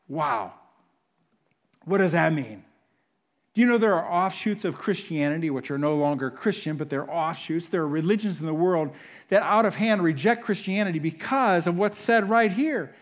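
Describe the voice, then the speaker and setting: A man preaching a sermon, swinging between loud emphatic bursts and hushed, intimate asides. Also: high voice, moderate pace. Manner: animated, rises loud for emphasis then drops to hushed. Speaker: pastor. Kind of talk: sermon teaching.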